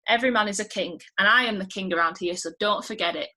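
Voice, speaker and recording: A woman's voice: medium pitch, fast, sharp tone. A woman reading out a domineering, brutish husband. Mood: angry. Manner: plain reading aloud, no accent put on. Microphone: video call.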